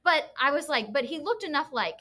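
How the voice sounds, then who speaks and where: Animated woman teacher telling stories. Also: high voice, brisk. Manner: animated storyteller acting out quotes, laughs often. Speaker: teacher and podcast co-host. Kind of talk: casual chat, storytelling.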